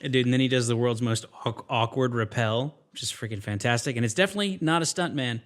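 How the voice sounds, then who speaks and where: A man co-hosting a casual movie podcast, enthusiastic, peppering his talk with "dude" and acting out scenes. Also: medium pitch. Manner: enthusiastic, says "dude" and "freaking" a lot, acts out scenes in quick voices. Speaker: podcast co-host.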